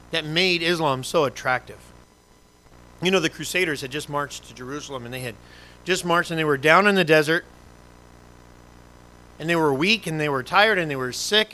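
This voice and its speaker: Bright-voiced pastor preaching a sermon. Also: male voice, a little high, poor audio. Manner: conversational, animated, full of rhetorical questions.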